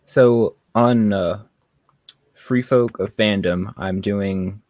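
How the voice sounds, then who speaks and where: Low-voiced hesitant man on a call. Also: extremely slow, dry recording. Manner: hesitant, many ums and likes, soft laughs. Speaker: guest YouTuber. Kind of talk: casual chat. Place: in his car. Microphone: video call.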